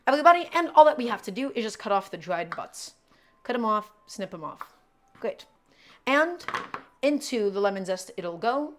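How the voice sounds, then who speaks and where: A woman's voice: mid-range voice, very animated, moderate pace. A woman hosting a live cooking stream, chatting casually with viewers and repeating her instructions as she works.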